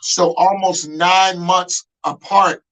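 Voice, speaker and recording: A man hosts a podcast interview and talks in an earnest, conversational way. He often pauses with fillers as he shares his own experience before asking a question. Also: sits high, steady tone, fairly bright tone, poor audio. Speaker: podcast host.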